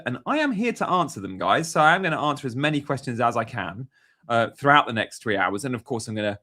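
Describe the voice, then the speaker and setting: A man's voice: mid-range voice, fairly bright tone. A young man chatting casually on a live stream, upbeat and reading out viewer comments as he goes. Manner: chatty, upbeat, reads out chat messages. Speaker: fantasy football streamer.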